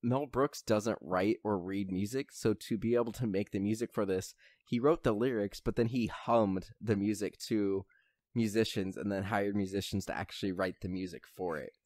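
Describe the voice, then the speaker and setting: A man's voice: lowish voice, fairly even intonation, normal speed, darkish tone, dry recording, clean studio sound. A man co-hosting a podcast, rambling casually and retelling film scenes with lots of fillers. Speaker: podcast co-host. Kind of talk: casual film review chat.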